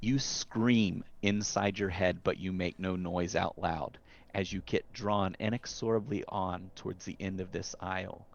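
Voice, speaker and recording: Lo-fi game master with a low voice. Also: male voice, fairly even intonation, creaky. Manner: descriptive, second-person, with halting restarts. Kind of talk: narrating a tabletop horror game. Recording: dull lo-fi recording with faint hiss.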